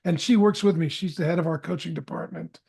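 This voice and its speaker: A man's voice: fairly high pitch, fairly even intonation, quick pace, gravelly, darkish tone, husky. A middle-aged man, a podcast guest, telling a candid personal story, often stopping to correct himself and acting out what was said. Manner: candid, self-correcting storyteller who acts out quoted dialogue.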